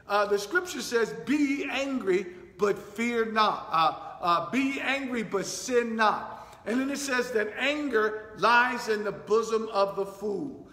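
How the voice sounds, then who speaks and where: A man preaches slowly in a high voice, working through scripture verse by verse and dropping in "thank you, Lord" between points. His words ring out in a church hall with a long echo. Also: bright, forceful tone. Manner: teaching verse by verse, many fillers, says "thank you, Lord". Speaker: pastor. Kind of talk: sermon. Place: church sanctuary.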